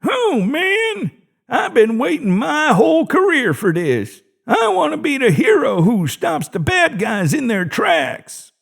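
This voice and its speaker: A gleeful, evil old guard. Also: male voice, very high-pitched, slow, gravelly, voice pushed up, exaggerated voice. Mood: disappointed. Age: older. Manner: childlike excitement, cackling. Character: old male security guard possessed by ancient evil, gleeful and cruel. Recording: dry close-mic narration.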